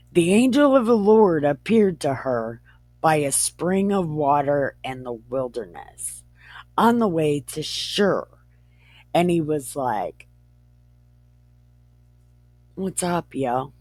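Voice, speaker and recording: A woman retells old scripture with slang, swearing and frequent laughter, taking her time over each line. Her voice sits at a middle pitch and is recorded dry and close. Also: a little mellow, no room sound. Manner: profane, slangy, laughs often. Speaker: comedic scripture reader. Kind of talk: irreverent casual retelling.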